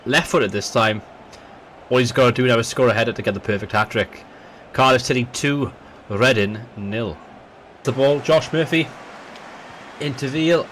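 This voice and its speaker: Pausing often but otherwise speaking at normal speed, a man of medium pitch hosts a gaming video, talking to viewers and commentating on the football match. He's excitable and chatty, his voice jumping up on goals, with slight background noise.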